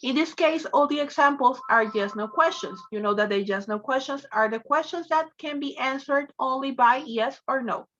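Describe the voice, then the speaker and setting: High bright woman teaching. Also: muffled recording. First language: Spanish. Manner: explains slowly, switching between English and Spanish. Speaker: English teacher. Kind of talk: online class lecture.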